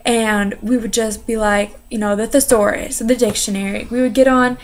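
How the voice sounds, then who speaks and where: A young woman speaks about her studies in a relaxed, rambling way. Her voice sits a little high. She leans on fillers and restarts as she goes. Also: normal speed. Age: young adult. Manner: chatty, many fillers and "you know". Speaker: interpreting student. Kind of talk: casual personal account.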